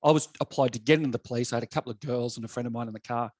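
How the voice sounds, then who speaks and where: A quick-talking Australian man in his fifties, blunt and salty in casual podcast chat. His voice sits at an ordinary middle pitch, recorded close and dry with no room sound. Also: steady tone, no echo. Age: 50s. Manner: blunt, swearing storyteller. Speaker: podcast guest, coach and former police officer.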